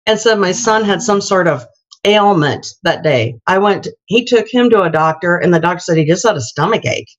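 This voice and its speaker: A woman's voice: fairly low pitch, moderate pace. A middle-aged woman telling her own story in a casual, earnest way, acting out the voices of the people she quotes. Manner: earnest, animated, acts out quoted dialogue. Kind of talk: personal testimony, casual storytelling. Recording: dull lo-fi livestream audio.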